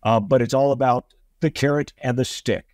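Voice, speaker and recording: A man's voice: mid-range voice, moderate pace, darkish tone, no room sound, clean studio sound. A man telling a story as a guest on a podcast interview, acting out the voices of the people in it. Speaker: guest, author and coach.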